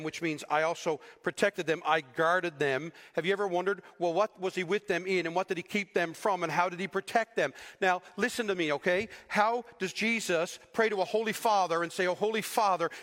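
High-voiced preaching man, echoing hall. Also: a little fast. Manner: animated preaching, acting out quoted voices. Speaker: pastor. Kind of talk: sermon.

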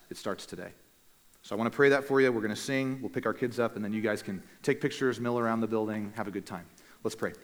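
A man preaching a sermon as pastor in a church meeting room, speaking in measured, earnest phrases and slowing down to stress key words. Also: fairly low pitch, fairly bright tone. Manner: measured, earnest delivery with slow emphatic phrases. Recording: long hall reverb.

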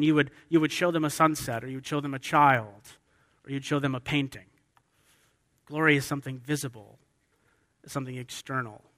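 A man's voice: fairly high pitch, pushed and bright. A man preaching a sermon with emphasis, often asking his listeners questions. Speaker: pastor. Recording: long hall reverb.

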